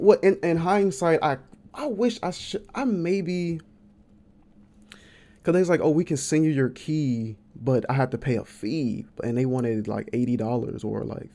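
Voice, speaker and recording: A young man from the Midwest hosts a podcast in a slightly mellow, mid-range voice, narrating a story in relaxed conversation. When he quotes people, his voice swings widely.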